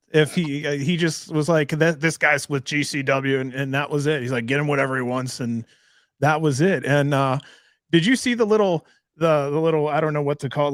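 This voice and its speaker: A man's voice: a little high, dry recording, studio quality. A man hosting a casual interview, telling laid-back, profane stories and laughing often. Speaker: interview host.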